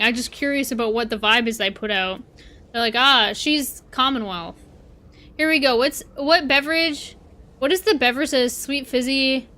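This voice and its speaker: A Canadian woman streaming a game, her voice high and bright. She chats loosely with her viewers as she plays and answers them as they come in. The talk is casual and rambling. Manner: chatty, talks back to chat while playing. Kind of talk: casual livestream chat.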